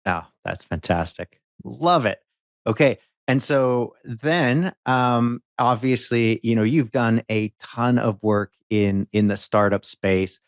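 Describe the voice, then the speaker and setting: A man hosting a podcast, asking questions in a halting way with frequent restarts. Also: mid-range voice, dry recording, studio quality. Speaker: podcast host. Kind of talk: interview questions.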